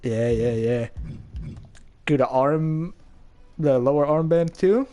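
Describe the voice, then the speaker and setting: A young man chatting excitedly as he comments on his own gameplay, laughing often. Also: a little high, slow pace, faint music behind. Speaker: gaming YouTuber.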